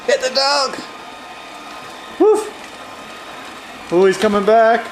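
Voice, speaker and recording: A woman's voice: mid-range voice, lively intonation, measured pace. A woman giving playful, exclaiming commentary while filming her pets at home. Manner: playful, exclaiming, teasing pets, barking woofs. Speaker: pet owner filming her kitten. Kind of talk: casual home-video commentary. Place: holiday home, indoors. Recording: echoey room with clear background noise.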